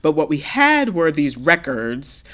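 A woman's voice: sits low, sing-song, measured pace, a bit bright. A woman in her fifties from Brooklyn, New York, a parent and podcast guest. She tells her story earnestly and from the heart, often restarting and repeating for emphasis. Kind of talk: casual conversational storytelling.

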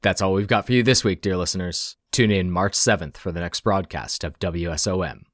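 A man hosting a tabletop role-playing podcast, reading announcements briskly and narrating scenes as game master. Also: low voice, no echo, clean studio sound, faint music behind. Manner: quick, upbeat host reads, slower scene narration.

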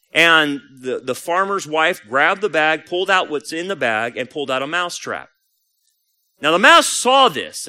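A man's voice: a little high, sharp tone. A man preaching a sermon as a pastor, telling a story animatedly and acting out the voices.

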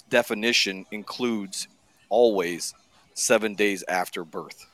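Guy cohosting a political chat, deep-ish voice, dry close sound, blunt and sarcastic. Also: normal speed, a bit bright, no echo. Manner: blunt, sarcastic, reads aloud from a bill. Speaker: podcast co-host.

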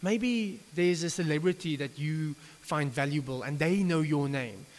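A man's voice: fairly high pitch, unhurried. A man preaching an evening sermon, talking conversationally and often stumbling and restarting his sentences. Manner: conversational, with frequent stammered restarts. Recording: reverberant hall with faint hiss.

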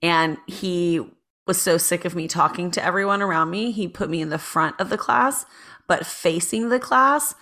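A woman's voice: on the low side, moderate pace, pushed and bright. A woman co-hosting a podcast, joking around and chatting casually. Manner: joking, goofy, asks lots of questions. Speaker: podcast co-host. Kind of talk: casual chat.

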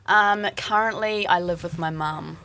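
A woman's voice: fairly low pitch, a little slow, pushed and bright. A New Zealand woman in her thirties, a dating show guest who teases and fires direct questions in casual chat. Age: 30s.

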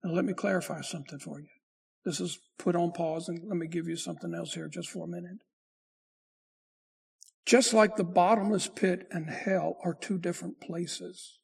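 Raspy high-voiced preaching pastor. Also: male voice, steady tone. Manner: preaching with emphatic rises and slow drawn-out phrases. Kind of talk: sermon.

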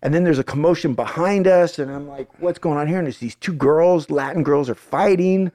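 A middle-aged American man, an actor, telling stories in casual chat, animated and profane, acting out the voices of the people in them. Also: on the high side, brisk. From United States. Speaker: actor guest. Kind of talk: casual storytelling.

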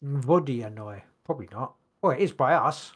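Casual podcast co-host, man with a slightly high voice who reads notes aloud, stumbles and swears. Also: lively intonation, a little fast. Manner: stumbling over words while reading aloud, swears casually.

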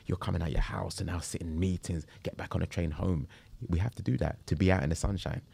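A man, telling a story in a casual interview, animated and slangy. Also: sits low, fast, vocal fry, slightly rough, dry recording. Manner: animated, slangy, acts out quotes. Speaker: travel group founder.

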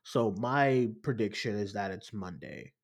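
Animated swearing man in casual chat. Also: on the low side, unhurried. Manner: animated, swearing, laughing retellings. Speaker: podcast co-host. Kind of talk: casual pop-culture chat.

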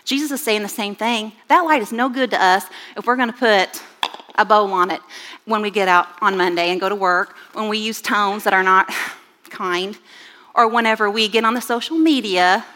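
A woman in her forties giving a sermon with personal stories, chatty and animated, with rising exclamations. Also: mid-range voice, normal speed. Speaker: church speaker. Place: church sanctuary. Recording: reverberant church hall.

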